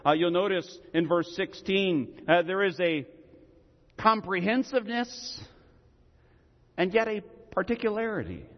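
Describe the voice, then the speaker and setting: A man preaching a sermon as pastor, with emphatic delivery and deliberate dramatic pauses. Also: high voice, animated, in a large hall, highs cut off.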